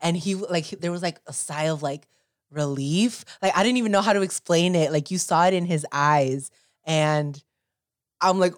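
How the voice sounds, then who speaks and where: A woman co-hosting a podcast in casual chat, talking in an animated, gushing way and filling her speech with "like", slipping into now and then. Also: fairly low pitch, moderate pace, no room sound, studio quality. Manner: animated, gushing fan talk with filler "like". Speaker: podcast co-host.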